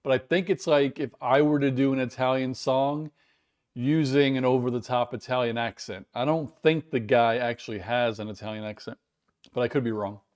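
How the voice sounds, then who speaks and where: A man's voice: mid-range voice, fairly even intonation, moderate pace, darkish tone. An American man hosting a casual live stream, chatting and rambling in a self-deprecating way while reading viewer comments, recorded indoors at home. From United States.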